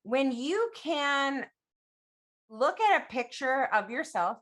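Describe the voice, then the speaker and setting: Bright-voiced woman giving halting advice. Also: sits high, lively intonation. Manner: halting, full of fillers and restarts. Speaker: player. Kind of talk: improvised tabletop role-play.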